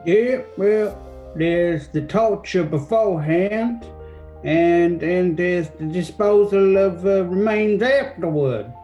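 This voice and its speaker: A performer playing a deadpan, matter-of-fact male killer in a comedy sketch. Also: mid-range voice, takes it slowly, close to an everyday voice. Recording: muffled lo-fi sound with faint music.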